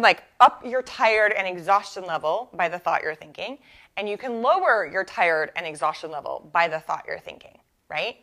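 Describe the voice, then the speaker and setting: A bright-toned young adult woman talks through a coaching lesson in a loose, conversational way. She is animated and chatty, sprinkles in "like," and corrects herself mid-sentence as she goes. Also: medium pitch. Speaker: life coach and podcast host. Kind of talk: casual solo podcast teaching.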